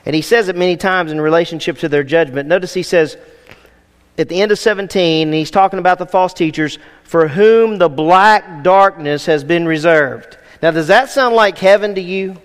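Higher-voiced male pastor in a hall. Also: brisk. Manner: conversational preaching with jokes and rhetorical questions. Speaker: senior pastor. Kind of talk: sermon.

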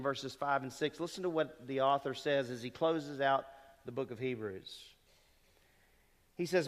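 A middle-aged man preaching a sermon to graduating students, earnest and conversational, often asking rhetorical questions. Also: medium pitch. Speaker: pastor. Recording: long reverb of a hall.

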